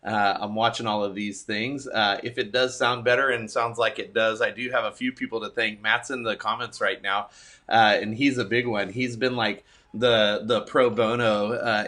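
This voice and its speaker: A man's voice: lowish voice, level tone, moderate pace, sharp tone. A man, a pastor, chatting casually on a livestream and thinking aloud in a rambling, good-humored way.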